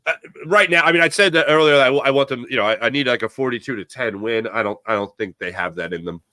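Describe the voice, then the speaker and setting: A man hosting a live sports talk show, giving opinionated takes and answering viewer chat in an animated way. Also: mid-range voice, no room sound, studio quality. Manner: opinionated, animated, quick asides to chatters.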